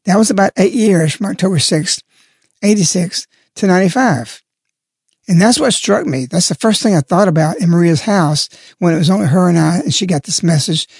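A lay religious speaker gives a spoken reflection in a high-pitched, gravelly, husky voice at a brisk pace. He stresses and repeats key words as he explains, and the studio recording is clean with no echo.

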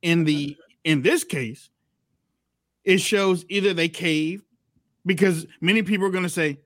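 A man's voice: sits high, a little slow, fairly bright tone, dry recording, clean studio sound. A man co-hosting a political talk show, arguing emphatically and repeating his points. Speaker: co-host.

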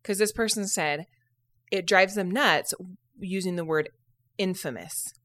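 A woman's voice: on the low side, measured pace, a bit bright. A woman with a Utah accent co-hosting a podcast, telling stories in casual chat and laughing often. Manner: chatty storyteller, laughs often. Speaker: podcast co-host.

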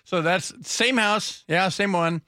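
A man's voice: sits high, takes it slowly, sharp tone, no room sound. A man hosting a talk radio show, rambling commentary with sarcastic, mocking asides into a studio microphone.

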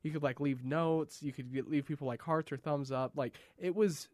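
Chatty thirtysomething guy on a podcast, kinda high voice, dry mic. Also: fairly even intonation, normal speed, a little mellow, no echo. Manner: chatty and enthusiastic, lots of likes. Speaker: podcast co-host. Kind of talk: casual podcast chat. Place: studio.

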